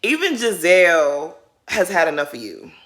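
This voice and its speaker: A woman's voice: lowish voice, normal speed. A woman giving casual, shady commentary on a reality show, ranting with sass. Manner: sassy, shady, animated ranting.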